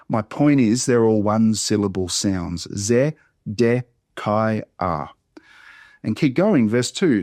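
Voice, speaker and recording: Australian pastor, mid-pitched, slow careful syllable-by-syllable workshop teaching, dry close sound. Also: male voice, a little mellow, no echo. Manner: slow, deliberate syllable-by-syllable modelling. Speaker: pastor teaching Bible reading.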